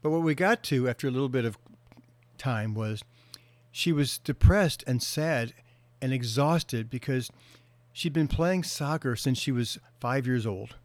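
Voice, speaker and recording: A middle-aged man, a counselor, giving an earnest motivational talk and slowing down to stress key words. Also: mid-range voice, a little mellow, no room sound. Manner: earnest storytelling, slows for emphasis.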